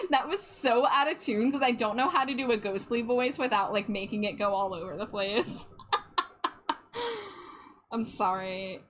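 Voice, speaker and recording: A woman's voice: on the high side, animated, a little slow, a bit bright, slight background noise. A woman streaming while she draws, chatting casually and a bit self-deprecating, often repeating her words. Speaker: art streamer.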